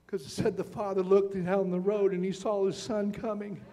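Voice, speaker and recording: A male pastor preaching a sermon, building from calm storytelling to shouted, impassioned passages. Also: high-pitched, normal speed. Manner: preaching with rising shouted passages and dramatic quotes. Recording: reverberant church hall.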